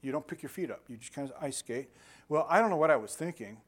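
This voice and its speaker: A man's voice: a little high, animated, quick pace. An older man preaching a sermon, shifting from scripture into rambling, self-deprecating stories with frequent restarts and chuckles. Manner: conversational storytelling with frequent restarts and laughter. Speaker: pastor.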